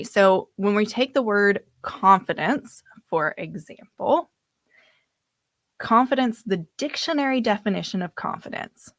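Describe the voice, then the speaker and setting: A woman's voice: mid-range voice, a bit bright, dry recording, studio quality. A woman coach teaching a live online workshop in a loose, chatty way, now and then losing her place in her notes. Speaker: personal development coach.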